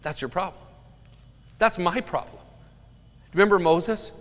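A man's voice: sits high, a little slow, fairly bright tone, in a large hall. A man preaching a sermon as a pastor, earnest and emphatic.

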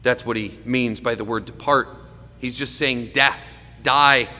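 A man preaching a sermon, swinging between loud emphasis and hushed asides. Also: medium pitch, fairly even intonation, moderate pace. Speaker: pastor. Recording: echoey hall with faint background noise.

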